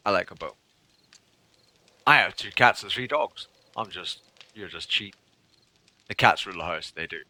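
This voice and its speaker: A man hosting a live game stream, chatting casually with his viewers and thanking new followers. His voice is bright and forward, with a lively, bouncing pitch. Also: moderate pace, pauses often. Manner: reads chat aloud and thanks followers, joking.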